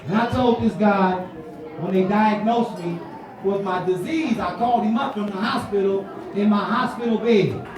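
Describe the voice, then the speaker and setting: High-pitched dude telling stories at a banquet, slangy and lively, far off in a big echoey hall. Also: male voice, moderate pace. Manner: lively, slangy, acts out voices. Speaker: banquet speaker. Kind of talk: animated storytelling speech. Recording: echoey hall from afar, crowd.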